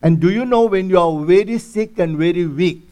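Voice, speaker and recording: A man's voice: high-pitched, normal speed, dark tone. A man teaching a verse-by-verse Bible study, earnestly explaining each passage in plain words.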